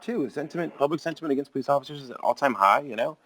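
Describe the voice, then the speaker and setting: A man in casual podcast chat, rambling and animated, peppering his stories with filler words. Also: medium pitch, racing, low-quality recording. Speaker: podcast co-host.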